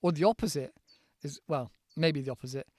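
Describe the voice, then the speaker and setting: A man's voice: fairly high pitch, a little fast, a little mellow, no room sound, clean studio sound. A man hosting a casual vocabulary lesson, rambling and spelling out words letter by letter. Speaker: podcast host teaching English vocabulary. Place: countryside home.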